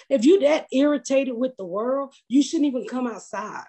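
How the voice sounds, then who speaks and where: Husky, blunt woman telling a story. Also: high voice, normal speed. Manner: blunt, profane, animated storyteller. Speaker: comedian, podcast guest. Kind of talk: casual storytelling chat.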